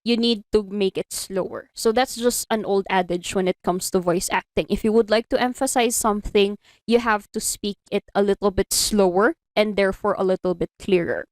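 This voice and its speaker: A woman with a Filipino accent teaches an online animation class, explaining step by step at a medium pitch. She mixes Tagalog phrases into her English. The sound is dry, with little room around her voice. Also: fairly even intonation, normal speed, few pauses, no room sound. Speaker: animation instructor. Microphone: computer mic on a video call.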